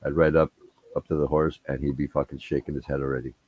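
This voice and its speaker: A man's voice: a bass voice, little pitch movement, quick pace, no room sound, phone-quality sound. A man telling rambling, profane anecdotes in casual chat. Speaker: storyteller.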